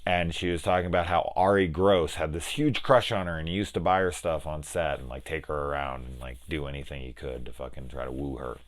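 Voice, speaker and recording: A man's voice: rumbling low, fairly even intonation, brisk, hardly any pauses. A young man reviewing a film in a casual, rambling way, swearing freely and acting out bits of conversation. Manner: rambling, profane, with lots of "like" and quoted dialogue.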